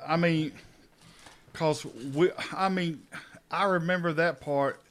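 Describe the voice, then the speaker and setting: A man's voice: fairly high pitch, fairly even intonation, slow, a bit bright. A middle-aged man co-hosting a podcast in casual chat, a chatty storyteller who laughs often. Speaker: podcast co-host.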